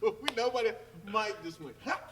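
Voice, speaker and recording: A man telling a story in casual chat. He talks in an animated way, laughs a lot and breaks into loud acted shouts. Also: a little high, moderate pace. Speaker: podcast co-host. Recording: distant mic with background noise.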